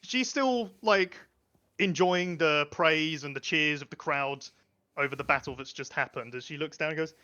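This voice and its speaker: A man's voice: a little high, normal speed, bright, forceful tone, dull audio. A man running a tabletop game as game master, narrating with lots of 'sort of' and 'like'.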